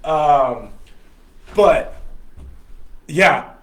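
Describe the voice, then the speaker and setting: A man's voice: on the high side, expressive, drawn-out words, fairly bright tone, roomy sound, poor audio. An American man hosting a podcast, giving a blunt, profane, rambling opinion monologue. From United States. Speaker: podcast host.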